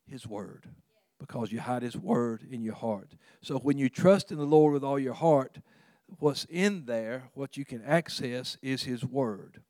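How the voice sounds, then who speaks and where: Male preacher, easygoing conversational sermon, swells and softens, dry close mic. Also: mid-range voice, no room sound. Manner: folksy, conversational preaching with chuckles; swells louder for emphasis, drops soft for tender points.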